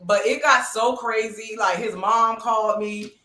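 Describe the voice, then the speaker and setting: A woman's voice: a little high, steady tone, a little slow, noisy background. A woman co-hosting a podcast, telling a story dramatically and acting out each person in it. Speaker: podcast co-host. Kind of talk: animated storytelling. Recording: roomy echo.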